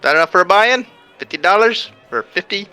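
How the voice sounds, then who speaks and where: A man playing a tabletop game, wisecracking in an animated way. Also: sits high, fairly quick, smooth, soft background music. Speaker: player. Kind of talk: casual tabletop game play.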